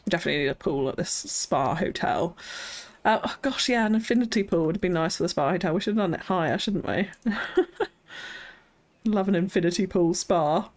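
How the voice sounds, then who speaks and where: A woman's voice: lowish voice, expressive, fast. A British woman live-streaming a city-building game, thinking aloud and chatting with viewers, often breaking into nervous laughs. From Britain. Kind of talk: casual live-stream chat while building.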